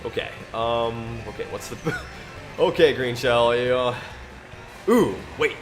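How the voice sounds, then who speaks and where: Slow, solemn gaming streamer man. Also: mid-range voice, music in the background. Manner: slow, drawn-out mock-biblical delivery. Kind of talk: solemn scripture reading mixed with game commentary.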